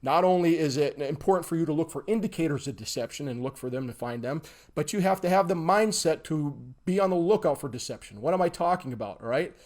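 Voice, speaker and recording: A man's voice: on the high side, fast. A man teaching a livestream lesson in an emphatic way, acting out examples and checking in with his audience after nearly every point. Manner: emphatic, keeps checking in with "okay?" and "all right?"; animated, acts out examples. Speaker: instructor.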